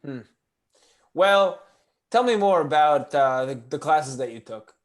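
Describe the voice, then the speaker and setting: A man's voice: on the high side, lively intonation, measured pace. A man performing live improv comedy in a dry, blunt, mock-stern way.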